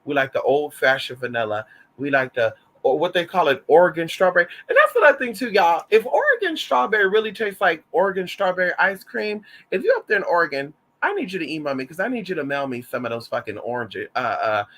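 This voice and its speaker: A man's voice: on the high side, very animated, fast talker, fairly bright tone. A man chatting casually to his viewers in a sassy, flamboyant way, swearing freely and calling them honey. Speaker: vlogger. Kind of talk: casual livestream chat.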